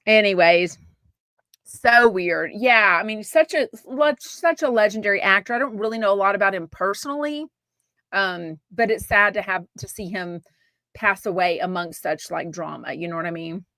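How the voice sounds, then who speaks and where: A woman's voice: medium pitch, normal speed, dry recording. A woman from Texas with a Southern accent hosting a podcast, gossiping frankly and casually, swearing now and then and answering live comments. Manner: chatty, frank, swears casually, lively asides. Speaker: podcast host.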